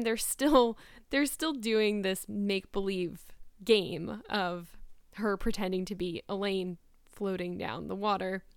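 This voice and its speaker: A woman narrating a novel aloud in an expressive, reflective way, then musing on the chapter. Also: mid-range voice, clear, resonant tone, no echo, clean studio sound. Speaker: reader of a novel. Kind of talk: storybook narration and commentary.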